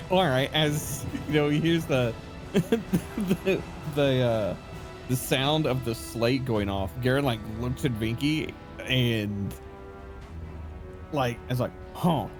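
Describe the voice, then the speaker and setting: A man's voice: mid-range voice, slow, over music. A man playing in a tabletop game who narrates his character's moves in a jokey, chatty way. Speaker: player. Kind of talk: casual table chat.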